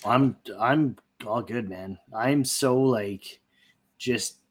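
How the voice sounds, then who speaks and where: A man's voice: mid-range voice, drawn-out words. A man co-hosting a podcast, talking in a laid-back, hesitant way with many "like"s. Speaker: podcast co-host.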